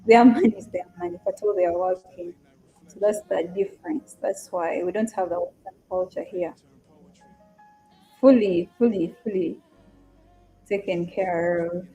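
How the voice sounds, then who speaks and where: A young woman with an East African accent talks casually on a live stream, greeting viewers by name and answering their comments as they come in. Her voice is warm and mellow, with soft music playing faintly behind her. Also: lowish voice, unhurried, pauses often, highs cut off. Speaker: live-stream trader and host.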